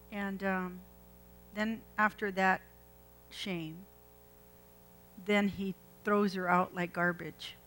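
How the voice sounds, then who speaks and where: This preacher's voice sits in the mid range with a fairly bright tone, captured on a low-quality recording. She tells a story from scripture conversationally, pausing to ask the congregation questions.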